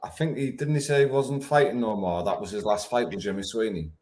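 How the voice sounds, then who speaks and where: Low-voiced blunt British co-host. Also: male voice, fairly quick, a little mellow, low-quality recording. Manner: blunt and enthusiastic, swears. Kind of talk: casual chat.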